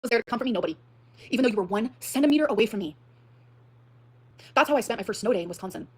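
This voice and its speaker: A woman's voice: fairly high pitch, lively intonation, rapid-fire, breathy edge. A woman ranting dramatically in a vlog, swearing often and telling a heated personal story. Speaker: streamer in a clip being reacted to.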